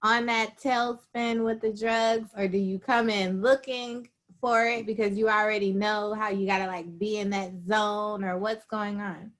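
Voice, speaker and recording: A woman's voice: mid-range voice, fairly even intonation, measured pace, few pauses. A woman hosting an interview, playful and laughing often as she retells shared memories. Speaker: host. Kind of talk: casual interview chat.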